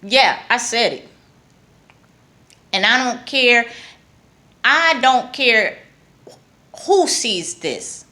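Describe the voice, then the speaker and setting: A woman's voice: fairly high pitch, sing-song, drawn-out words, long pauses, bright, forceful tone. A woman from New York with a New York accent, giving a blunt, emphatic political rant to her viewers and repeating lines for emphasis. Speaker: vlogger.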